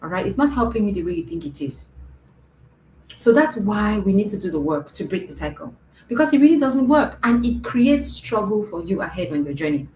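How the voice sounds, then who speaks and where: Speaking a little fast with big swings in pitch, a woman with a medium, darkish voice coaches parents during a live-streamed talk. She stays earnest, goes over the same points repeatedly, and frequently tosses in "right?" The recording has room echo and faint noise.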